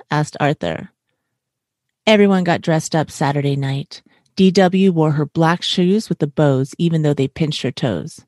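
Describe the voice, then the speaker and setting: A middle-aged woman, a mother of four, reading a children's story aloud in an expressive way. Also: deep voice, a little slow, no room sound, studio quality.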